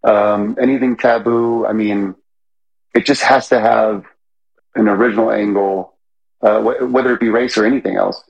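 Low husky guy, rambling chat, lots of uhs and likes, dull lo-fi sound. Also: fairly even intonation, normal speed. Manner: rambling, filler-heavy, self-correcting. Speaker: comedian guest. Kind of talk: casual interview chat.

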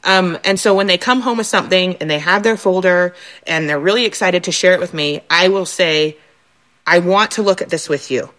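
A woman on a talk show, a mother sharing stories about her children in a chatty, animated way. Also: lowish voice, fairly quick, low-quality recording. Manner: animated, acts out her kids' voices. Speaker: guest mother. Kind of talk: casual chat.

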